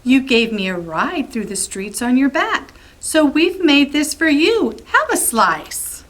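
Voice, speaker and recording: A small, tired boy from a picture book as a woman plays him speaks softly and earnestly. His voice sits fairly high and moves slowly through each line. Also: very animated, full character voice. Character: small tired young boy, sweet and sincere.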